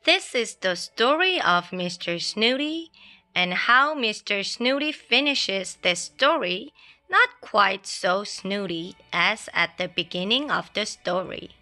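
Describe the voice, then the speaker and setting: A woman reads a children's picture book aloud in a slow, lilting way. Her voice is bright and sweeps up and down with expression. Soft classical music plays faintly underneath. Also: medium pitch, expressive. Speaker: storyteller.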